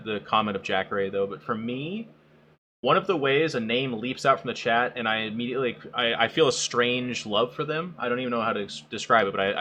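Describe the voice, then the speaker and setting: A man's voice: mid-range voice, slight background noise. A man co-hosting a casual chat podcast, talking bluntly with lots of swearing and acting out quoted people. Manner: blunt, profane, animated, acts out quotes in raised voice. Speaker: podcast co-host and streamer.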